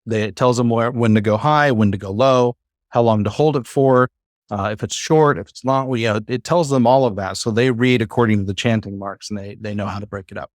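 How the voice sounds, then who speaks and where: A man teaching a class, talking in a relaxed, halting way with many fillers and restarts. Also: mid-range voice, no room sound, studio quality. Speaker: Bible Hebrew teacher.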